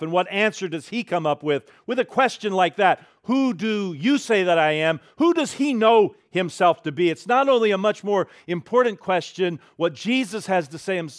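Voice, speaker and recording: A pastor preaching in a relaxed, chatty way, with a slightly raised voice. He uses gentle humor and asks the congregation questions. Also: sits high. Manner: conversational, self-deprecating humor, rhetorical questions. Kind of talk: sermon.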